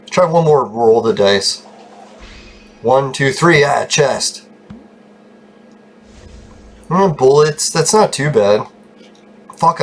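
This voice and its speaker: A man's voice: medium pitch, breathy edge. A man telling rambling personal stories while commenting on his gameplay, swearing often and laughing at himself. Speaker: gaming YouTuber.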